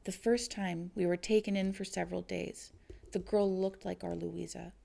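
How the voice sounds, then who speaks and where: A woman voicing a dignified father who gently but firmly reproaches a girl he thinks is an impostor. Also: lowish voice, fairly even intonation, normal speed, gravelly. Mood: solemn. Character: grave, gentle father, stern toward an impostor.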